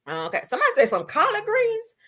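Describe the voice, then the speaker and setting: A middle-aged woman running a live stream chats casually and saltily with her viewers, addressing chat directly and laughing frequently. She has a very high, fairly bright voice with huge pitch swings and talks quickly.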